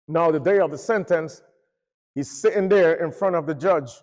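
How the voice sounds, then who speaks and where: A man with a high voice delivers a sermon, telling a story with lively swings in pitch and force. His voice rings through a church hall with a long echo. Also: moderate pace. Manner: animated, rises and falls in pitch and force. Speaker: preacher.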